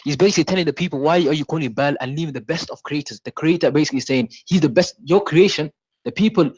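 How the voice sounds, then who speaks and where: A man calls into a heated debate and argues back at speed. His voice sits a little high. He cuts in often and fires off strings of no's. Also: fast talker, a little mellow, slightly rough, poor audio. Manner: interrupts, protests with repeated no's. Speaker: caller.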